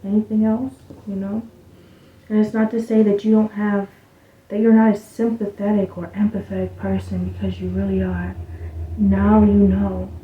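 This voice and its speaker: A woman giving a casual spiritual card reading, rambling loosely and dropping into soft muttered asides. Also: mid-range voice, level tone, normal speed. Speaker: tarot reader. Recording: tinny, phone-like sound in an echoey room.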